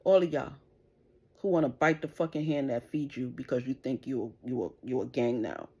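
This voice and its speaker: A woman's voice: very deep voice, normal speed, darkish tone, slightly rough. A middle-aged woman venting an angry, profane rant straight to camera, jabbing with "you understand?" over and over. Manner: profane, confrontational, keeps asking "you understand?". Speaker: vlogger.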